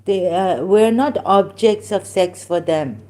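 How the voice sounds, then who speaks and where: A woman from Pakistan, telling a personal story in a halting way, full of restarts and fillers and the odd Urdu phrase. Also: mid-range voice, dark tone.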